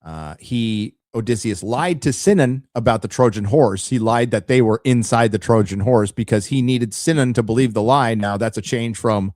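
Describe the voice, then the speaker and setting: Speaking at normal speed with barely any pauses, a man with a medium-pitched, darkish voice delivers blunt livestream opinions straight to his chat. Frequent stammered restarts break up his talk, recorded clean in a studio with no echo.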